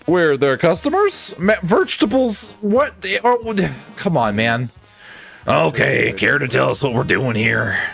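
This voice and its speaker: A man's voice: a little high, animated, unhurried, vocal fry, fairly bright tone, faint music behind. A man streaming a game, reading its dialogue aloud and joking with his chat between lines in a playful, chuckling way.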